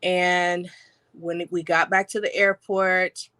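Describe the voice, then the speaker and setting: Bright-voiced woman telling a personal story. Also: fairly low pitch, slow pace, clean tone, no echo. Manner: animated, acts out quoted dialogue. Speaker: podcast guest.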